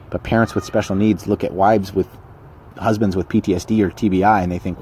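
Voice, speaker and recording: Deep-voiced man giving blunt pep talk. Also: little pitch movement, fairly quick, darkish tone, a little hiss or hum. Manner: blunt, conversational, repeats and restarts phrases. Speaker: podcast host. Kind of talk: casual motivational monologue.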